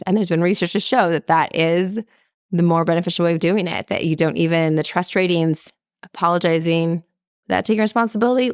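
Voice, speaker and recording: A woman hosting a podcast in a loose, chatty way, leaning on "like" and "right?" as she goes. Her voice has a gravelly, fried edge. It is recorded dry and close, with no room sound. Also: lowish voice, no room sound. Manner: chatty, lively, frequent "like" and "right?". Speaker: podcast host. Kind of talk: casual solo podcast talk.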